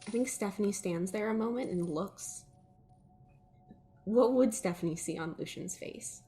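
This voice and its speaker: A woman's voice: mid-range voice, moderate pace, dark tone, soft background music. A woman playing a tabletop game, describing her character's actions in a rambling way with many fillers. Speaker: player. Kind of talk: casual tabletop role-play.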